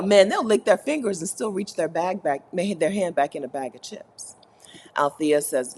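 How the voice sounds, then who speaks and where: A low-pitched woman's voice comes through with slight background noise. She hosts a live co-working stream in the Caribbean, reading chat aloud in a chatty, playful way, with frequent laughter and mock complaints.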